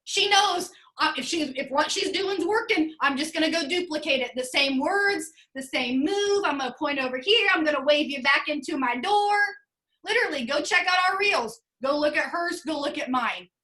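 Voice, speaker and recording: A woman leading a motivational team call over video, earnest and emotional, talking in quick bursts. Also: high voice, expressive, bright, forceful tone. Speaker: sales team leader.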